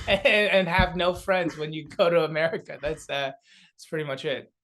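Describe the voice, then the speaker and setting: On a comedy podcast, a young guest from South Korea chats casually at a measured pace. His pitch is fairly high, and he's an animated storyteller who laughs a lot and leans on fillers.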